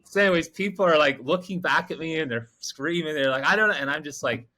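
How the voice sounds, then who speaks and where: Man, podcast co-host, casual storytelling, acts out others' lines, bright forceful tone. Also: on the high side, fairly quick. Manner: animated, mimics others with raised voice and swearing. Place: remote field camp in the Amazon.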